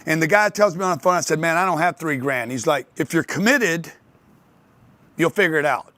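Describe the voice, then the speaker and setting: An older man giving a motivational talk on sales to an audience, telling lively stories and acting out the voices of other people. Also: on the high side, fairly quick, no echo. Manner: animated storytelling, acts out others' voices. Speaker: speaker on sales and wealth.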